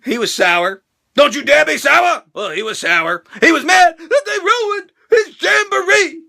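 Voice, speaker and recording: Brief: sarcastic ranting male reviewer, very high lively voice, bright and sharp. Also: measured pace, creaky. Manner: profane, sarcastic, animated ranting. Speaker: wrestling show reviewer. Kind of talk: ranting reaction vlog.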